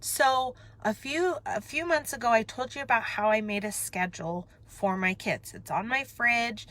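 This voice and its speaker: A woman's voice: on the high side, normal speed, a bit bright. A woman talking candidly and emotionally to her viewers from a parked car, rambling and breaking off mid-thought. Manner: emotional, rambling, self-interrupting. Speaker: vlogger. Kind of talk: candid confessional chat.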